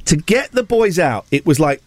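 Brief: man in his middle years, chatty host, animated, pitch swings a lot. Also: normal speed, no echo. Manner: animated storytelling, wry asides. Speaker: radio show host. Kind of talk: casual chat.

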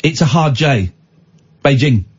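Teasing radio host, lively pitch. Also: male voice, moderate pace, slightly rough, lo-fi sound. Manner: teasing, mock-exasperated, jokey. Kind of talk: casual radio banter.

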